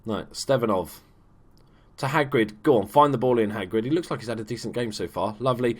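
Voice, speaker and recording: Man, casual let's play commentary, chatty, swears a lot, mid-pitched voice. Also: fairly quick. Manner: chatty, swears, bursts into excited shouts at goals. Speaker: gaming YouTuber.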